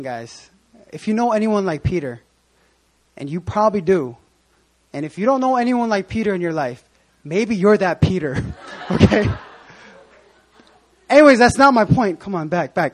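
A man's voice: high voice, expressive, moderate pace, pauses often. A man preaching a casual sermon, chatty and joking with many asides. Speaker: pastor.

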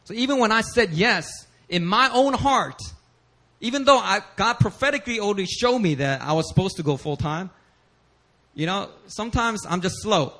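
A man preaching a sermon as pastor, telling stories animatedly with bursts of shouting and laughter. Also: high voice, expressive, moderate pace.

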